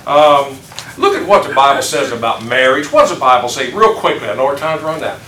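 An older man teaches a folksy, informal Bible class, chuckling and asking the group questions in a classroom or church meeting room. His mid-range voice is lively, a little fast and sharp, recorded from afar on a room mic with echo and background noise.

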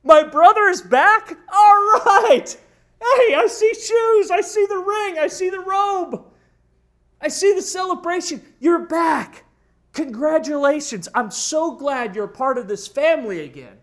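A man's voice: very high-pitched, sing-song, moderate pace, hardly any pauses. A man preaching, voicing an older son who asks what is going on in his father's house. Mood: cheerful.

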